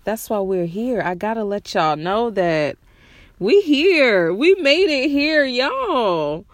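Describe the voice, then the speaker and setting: A woman's voice: on the high side, very animated, no room sound. A woman hosting her own show, speaking heartfelt, repetitive affirmations outdoors at night, at times close to tears. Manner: slow, repetitive, soothing affirmations; emotional, tearful at times. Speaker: podcast host.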